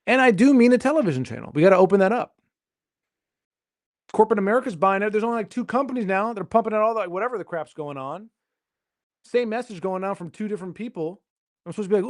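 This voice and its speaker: Guy on his solo podcast, rambling and joking, kinda high voice, keeps second-guessing himself. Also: lively intonation, a little fast. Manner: rambling, self-questioning, jokey. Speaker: podcast host. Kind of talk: rambling solo comedic monologue.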